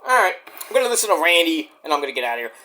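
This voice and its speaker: A man's voice: a little high, very animated, very fast, bright, forceful tone. A man reviewing shows, giving rambling, profane running commentary as he watches. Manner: rambling, profane, talks to himself about the action. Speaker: show reviewer.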